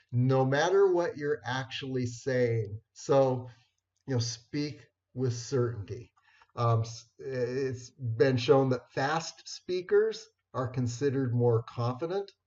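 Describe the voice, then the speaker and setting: Slow, unhurried man presenting. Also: medium pitch, a little mellow. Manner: unhurried, many fillers and restarts. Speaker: networking presenter. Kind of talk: informal talk on networking skills. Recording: dull lo-fi recording.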